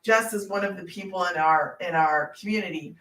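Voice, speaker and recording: A woman's voice: lowish voice, a little fast, a bit bright, recorded from a distance. Brief: middle-aged woman, emphatic livestream host who rambles, recorded on a phone held a little away in a roomy space. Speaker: online business host. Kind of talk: casual livestream chat. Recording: roomy sound, off-mic.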